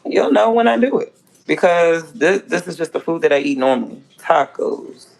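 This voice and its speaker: Cooking on a casual livestream, this food vlogger rambles and scolds in a blunt, freely cussing way. She has a low, gravelly, slightly mellow voice with lively intonation and a moderate pace, captured in a low-quality recording.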